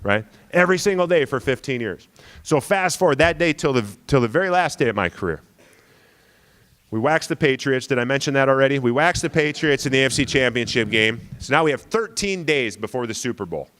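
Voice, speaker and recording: A man's voice: mid-range voice, animated, fairly quick, fairly bright tone. A man in his forties giving a storytelling lecture to an audience, conversational and self-deprecating, often asking "right?". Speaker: guest lecturer.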